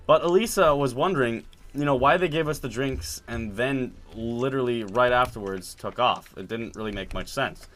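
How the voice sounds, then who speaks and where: A man telling a story in casual chat while playing a game, animated and laughing as he acts out quotes. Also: mid-range voice, moderate pace. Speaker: gaming video host. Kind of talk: casual storytelling over gameplay.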